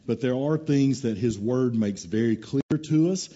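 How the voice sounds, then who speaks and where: Mellow, dark-voiced folksy preacher man. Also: medium pitch, moderate pace, slightly rough, lo-fi sound. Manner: folksy, casual, teasing, storytelling. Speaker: pastor. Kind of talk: sermon. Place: church.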